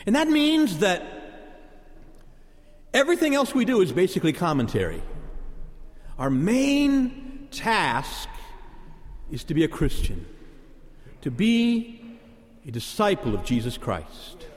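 A man's voice: sits high, wildly swooping pitch, slow pace, pauses often. A man preaching a sermon as pastor, emphatic and repeating key words for punch. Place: church. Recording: long church reverb.

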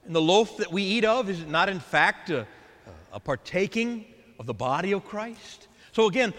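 A man preaching a sermon as a priest, animated and acting out the voices of scripture. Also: high-pitched. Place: church. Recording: long church reverb.

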